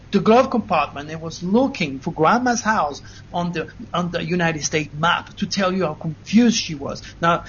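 A man giving an earnest, animated first-person account to an interviewer, with frequent restarts. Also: high-pitched, slight background noise. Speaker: interview guest. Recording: dull lo-fi recording.

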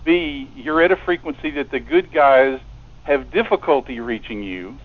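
A man's voice: medium pitch, animated, normal speed. Earnest man on a phone line. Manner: earnest, stammers and repeats words. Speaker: radio show guest. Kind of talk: casual phone conversation. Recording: narrow telephone line.

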